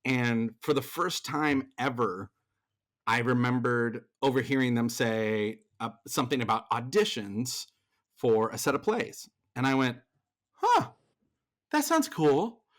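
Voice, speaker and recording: A middle-aged man, a theater performer and voice actor, telling his story as a podcast guest in lively casual talk with many restarts. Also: mid-range voice, unhurried. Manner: animated, acts out quoted voices, frequent restarts.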